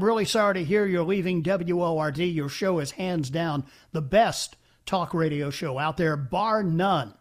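Older male talk radio host, folksy. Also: a little high. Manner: folksy, halting, with many fillers and restarts. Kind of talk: radio call-in show hosting. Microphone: studio microphone.

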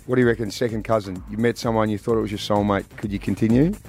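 A man's voice: on the low side, fairly even intonation, racing, darkish tone, soft background music. A man with an Australian accent hosting breakfast radio, joking and upbeat. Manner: jokey, upbeat, laughs easily. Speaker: radio host. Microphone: studio microphone.

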